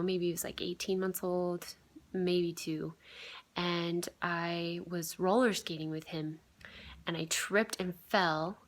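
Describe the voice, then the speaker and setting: Earnest woman in her thirties, soft-spoken. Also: on the low side. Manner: earnest and reflective, frequent fillers, drops to a whisper on phrase ends. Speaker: vlogger sharing a healing story. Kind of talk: casual personal storytelling.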